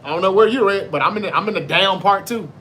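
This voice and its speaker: Bright-voiced Southern man, loose and profane. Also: sits high, quick pace, a little hiss or hum. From Memphis, Tennessee. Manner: loose, profane, talks straight to viewers. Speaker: livestream show host. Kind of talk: casual chat reading viewer comments.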